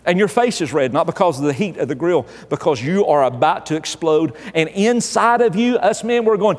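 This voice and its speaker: A married man preaching a humorous sermon, telling a story with emphatic, animated delivery that swells into exasperated outbursts. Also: a little high, normal speed, few pauses. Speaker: pastor. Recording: reverberant hall.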